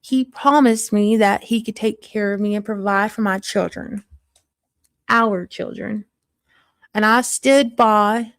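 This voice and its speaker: A woman's voice: a little high, no echo. A woman playing a crass small-town mother of three in a put-on Southern country accent, telling a blunt, gossipy story in a live-streamed character monologue.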